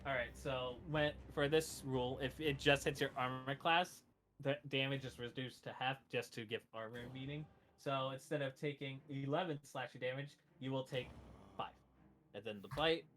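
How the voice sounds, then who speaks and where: A man running a tabletop game as game master, relaxed and quick to laugh. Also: medium pitch, slight background noise.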